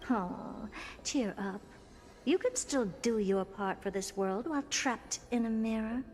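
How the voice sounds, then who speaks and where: A woman voicing a haughty, sharp-tongued genius scientist in a game, speaking in an imperious, sardonic way. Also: a little high, animated, a little slow, big-room sound, faint music behind. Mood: teasing. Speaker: game character. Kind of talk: game voice acting.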